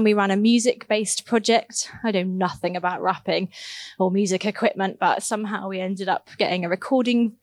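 A woman's voice: mid-range voice, no room sound. Earnest woman telling church stories. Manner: casual, earnest, laughs at her own stories, many fillers like "like". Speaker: youth ministry worker speaking to her church. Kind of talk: church talk, personal storytelling.

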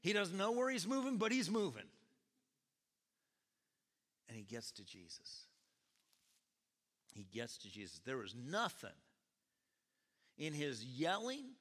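A male pastor preaching a sermon, telling the story in an animated way and breaking into shouted quotes, in a church with long reverb. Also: on the high side, slow pace, pauses often. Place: church sanctuary. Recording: long reverb of a large hall.

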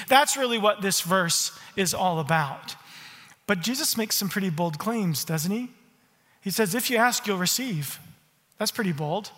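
A middle-aged male pastor delivering a storytelling sermon, his voice pitched high and bright. He acts out the people in his stories. The sound carries a long reverb, as in a large hall. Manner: storytelling, animated, mimics voices in quotes.

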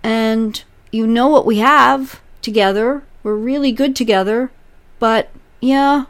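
A woman voicing a sweet, sad talking puppy that pleads gently. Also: mid-range voice, clear, resonant tone, natural voice.

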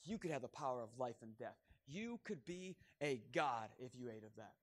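A man voicing the serpent, the devil, coaxing in a low, hushed voice. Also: sing-song, moderate pace, close to an everyday voice. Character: sly serpent, the devil, tempting.

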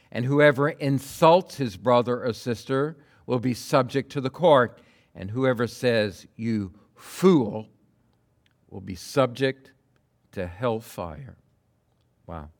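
Guy preaching a sermon, takes his time, acts out the quotes loud then real quiet. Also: medium pitch. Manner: dramatic, acts out quotes with big swings from loud to hushed. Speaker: pastor.

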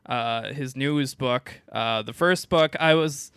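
Young male podcast host, bright voice, dry close mic, laid-back rambling delivery. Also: mid-range voice, takes it slowly, clear, resonant tone, no room sound. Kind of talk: casual chat about comics.

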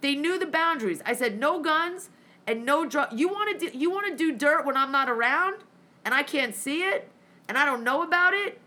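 A woman's voice: sits high, normal speed. A woman telling a story in casual chat, swearing freely and acting out both sides of the conversations. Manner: profane, animated, acts out dialogue.

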